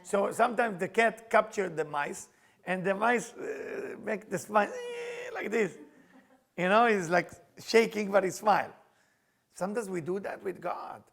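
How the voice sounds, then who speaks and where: A middle-aged man teaching a spiritual class in non-native English phrasing, animated and acting out the people he quotes. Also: high voice, normal speed, creaky. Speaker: Kabbalah teacher.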